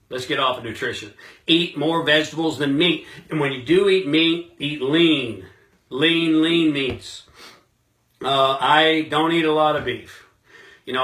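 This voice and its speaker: A man's voice: mid-range voice, bright, forceful tone, roomy sound. A man giving a motivational self-help talk straight to his viewers, emphatic and punchy, with lots of repetition and rhetorical questions.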